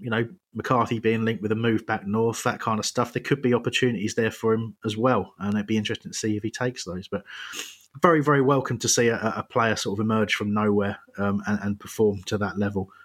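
A British man hosts a relaxed football chat with a slightly husky voice. He talks in loose, rambling sentences full of ums and restarts, and laughs easily as he runs a quiz. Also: on the low side, fast talker. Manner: chatty, hesitant with many ums, laughs easily. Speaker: podcast host. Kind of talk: casual football chat, quizmaster.

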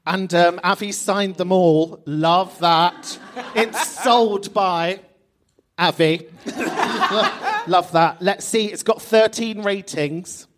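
A woman's voice: lowish voice, slow pace, background noise. A woman hosting a live podcast, giggling through casual, incredulous banter. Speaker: podcast host. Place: small theatre, live audience.

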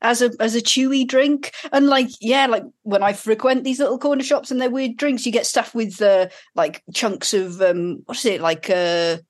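Hesitant woman, slightly high voice. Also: fairly even intonation, moderate pace, hardly any pauses. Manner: hesitant, self-deprecating, many fillers. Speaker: podcast guest. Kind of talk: casual chat.

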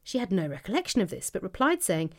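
A woman's voice: mid-range voice, very animated, fast. A woman co-hosting a podcast, telling a funny anecdote with giggles in casual chat. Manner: giggly, tells anecdotes with laughs. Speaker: podcast co-host.

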